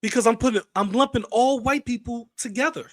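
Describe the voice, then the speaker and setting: A man's voice: extremely high pitch, brisk, no echo. A man hosting a commentary channel, ranting bluntly and heatedly, swearing freely.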